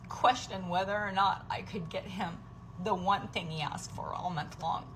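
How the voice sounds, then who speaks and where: A woman's voice: medium pitch, normal speed. Woman, working mother, raw profane rant to camera; emotional, slips into whispers, noisy recording. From United States.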